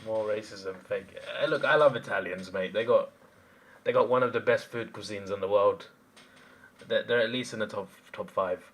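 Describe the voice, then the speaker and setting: A man's voice: fairly low pitch, moderate pace, a bit bright. A man hosting a live stream, chatting casually and answering chat comments as he rambles.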